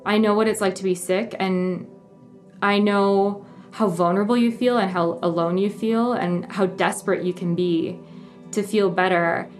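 A young woman, a journalist, telling her personal story in an earnest, emotional way, often halting and restarting. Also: mid-range voice, fairly even intonation, faint music behind.

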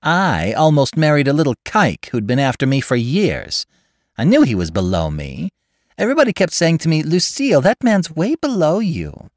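A shrill, snobbish woman, as a male narrator puts her on, declaring things vigorously. Her voice rides very high and leaps around. The sound is close and dry. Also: big pitch swings, moderate pace, dry recording. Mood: indignant.

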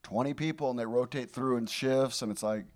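A man who is a comedian and podcast co-host, talking in a relaxed, affectionate, chatty way. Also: mid-range voice, fairly quick. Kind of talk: casual podcast chat.

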